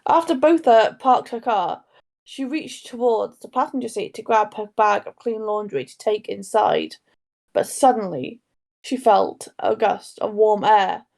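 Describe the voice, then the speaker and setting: Expressive and a little slow, her medium-pitched voice is darkish with vocal fry. She's a young co-host of a casual true crime podcast who wanders off and cuts into her own tale.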